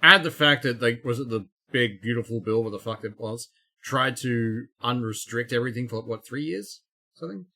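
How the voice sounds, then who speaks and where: A man's voice: medium pitch, moderate pace, pushed and bright. An Australian man co-hosting a podcast, chatting casually with sweary banter. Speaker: podcast co-host. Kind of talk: casual chat.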